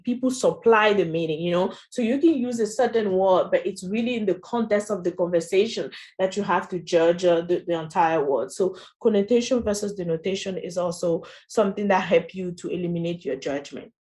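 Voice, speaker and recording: A workshop presenter with a French accent speaks in a medium-pitched, slightly mellow voice. She keeps the training session casual and frequently drops in "you know" and "right?".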